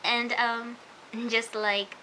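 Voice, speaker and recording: A woman's voice: fairly high pitch, level tone, drawn-out words, pushed and bright, low-quality recording. A teenage woman chatting casually through an episode review, gushing and peppering her talk with "like" and "oh my gosh.". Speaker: vlogger. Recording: faint hiss.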